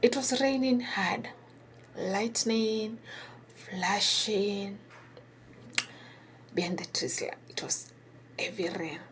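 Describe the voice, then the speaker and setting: A woman whispering a personal story, halting and hesitant with many pauses and restarts. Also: medium pitch, fairly bright tone, slight background noise.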